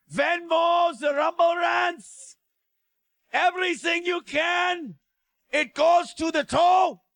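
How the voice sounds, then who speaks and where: A man doing a ranting, bombastic caricature of a male German dictator with a mock German accent, shouting as a comic bit on a livestream. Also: extremely high pitch, gravelly, no room sound, voice pushed up, full character voice. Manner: barking, bombastic, mock-pleading.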